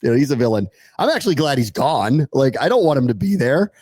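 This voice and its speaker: A man's voice: medium pitch, sing-song, quick pace, darkish tone, slightly rough, no echo. A man co-hosting a sports podcast, ranting with sarcasm in casual chat.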